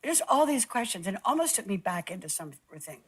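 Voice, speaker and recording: A woman's voice: medium pitch, very animated, a little fast, slightly rough, low-quality recording. Woman telling her own story, stumbles and repeats words a lot, near tears, mid-range voice. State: close to tears. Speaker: guest recounting an experience. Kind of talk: emotional personal storytelling.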